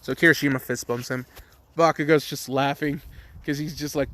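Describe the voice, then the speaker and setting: A man's voice: on the high side, a little fast, a bit bright. A young man casually improvising a crude fan story, rambling, swearing a lot and laughing at his own jokes.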